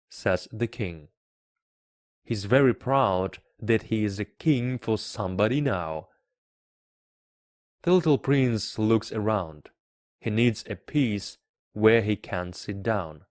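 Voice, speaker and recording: Low-voiced guy reading a kids book for english learners, real slow, dry close sound. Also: a little mellow, no echo. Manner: careful, deliberate reading. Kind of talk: slow read-aloud for learners.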